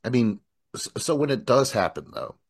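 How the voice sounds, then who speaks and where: A man's voice: mid-range voice, sing-song, normal speed, gravelly, slightly rough, no room sound. A man in casual podcast chat, laid-back and joking.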